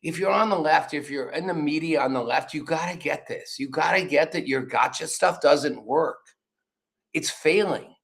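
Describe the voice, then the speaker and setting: A man's voice: on the high side, normal speed, fairly bright tone. A man hosting a political commentary show, talking casually and rambling, swearing freely and acting out quotes. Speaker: show host.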